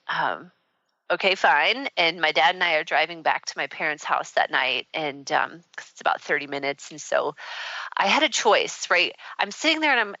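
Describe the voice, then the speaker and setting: A woman's voice: on the low side, bright, forceful tone, dry recording. A woman hosting a radio talk show, telling a personal story in a rambling, candid way with many fillers. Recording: dull, muffled radio audio.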